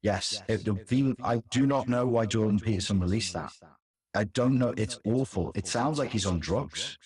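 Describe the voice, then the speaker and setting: A man in his forties with a fairly low voice talks through his views with blunt, emphatic conviction. He often repeats words for stress as he builds a point in conversation. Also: normal speed, darkish tone. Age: 40s. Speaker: guest commentator, former teacher. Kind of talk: conversational commentary.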